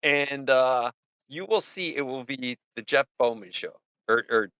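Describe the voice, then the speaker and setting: A man's voice: medium pitch, unhurried, fairly bright tone, smooth, dry recording. A man hosting a casual livestream, rambling and joking as he talks to his viewers. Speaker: livestream host. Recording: dry, dull lo-fi sound.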